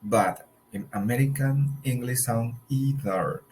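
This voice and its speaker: Man, teacher, slow and halting, mid-pitched voice, short recorded lesson. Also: a little mellow, a little hiss or hum, poor audio. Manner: careful, halting explanation with pauses and repeated example words. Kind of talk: recorded mini lesson on pronunciation.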